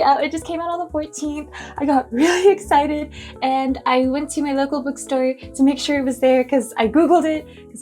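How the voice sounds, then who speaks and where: Young woman vlogger, high bright-toned voice, gushing and giddy, soft music under her talk. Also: moderate pace. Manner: bubbly, gushing, squealing with delight. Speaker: cooking vlogger. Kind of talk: casual excited vlog chat.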